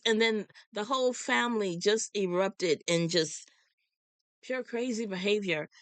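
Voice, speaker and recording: Animated woman telling a faith story. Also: mid-range voice, moderate pace, dry recording. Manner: animated, acts out other people's voices; preachy, quotes scripture. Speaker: vlogger and sign language interpreter. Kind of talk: casual storytelling with faith talk.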